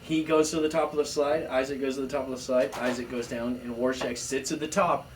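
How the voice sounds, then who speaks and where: A man in his thirties tells stories on a casual podcast, and he acts out every quoted line with sudden leaps up in pitch. His voice sits in the middle range. He is heard from some way off the mic, with a faint hiss behind him. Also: brisk. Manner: animated storyteller, acts out quotes with jumps in pitch. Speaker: podcast co-host. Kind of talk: casual storytelling chat. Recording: distant mic with faint room noise.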